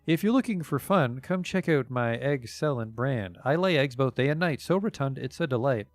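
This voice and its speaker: A man's voice: medium pitch, expressive, normal speed, no room sound, natural voice. A man voicing an odd, plaintive young woman who lays eggs, reading from a game stream. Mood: sing-song. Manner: sing-song rhymes turning to bitter grief.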